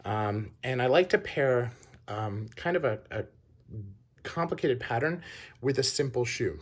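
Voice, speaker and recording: A man with a lowish voice talks casually to camera about his collection. He speaks haltingly, stopping and restarting his sentences often. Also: breathy edge. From Wisconsin. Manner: halting, many fillers and restarts. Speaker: shoe collector vlogger. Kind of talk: casual show-and-tell.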